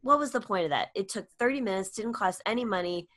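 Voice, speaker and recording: Animated middle-aged woman telling a story. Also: fast. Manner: animated storytelling, acts out quotes with sudden high pitch jumps. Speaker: guest, comedian and public speaker. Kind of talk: casual storytelling interview.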